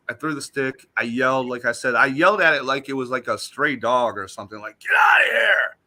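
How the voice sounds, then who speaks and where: Guy with a super bright voice, animated storyteller, kinda emphatic, guest on a talk show. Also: fairly high pitch. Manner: animated, emphatic retelling that acts out what he said.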